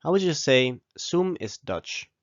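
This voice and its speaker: A man teaching a scripted language lesson, giving phrases slowly and with pauses so learners can repeat after him. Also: on the high side, big pitch swings, no room sound, dull audio. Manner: slow, deliberate model pronunciation with pauses for repeating.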